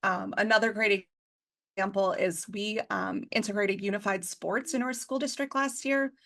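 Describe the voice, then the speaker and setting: A woman from a school district's communications office, speaking as a podcast guest. She talks in a relaxed, chatty way, fills her sentences with casual fillers, and laughs easily. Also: mid-range voice, moderate pace, gravelly. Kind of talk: casual conversational interview.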